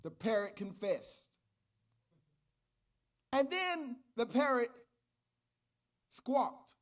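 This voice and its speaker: A man preaching as a pastor, telling a story in his sermon and building up to loud shouted calls. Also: extremely high pitch, extremely slow, pauses often. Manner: animated, rising to shouts.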